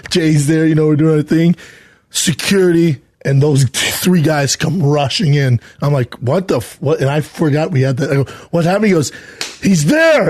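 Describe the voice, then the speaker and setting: A man co-hosting a podcast, telling a story in casual chat and quoting the people in it. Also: a little high. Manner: animated anecdote with quoted dialogue. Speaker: podcast co-host.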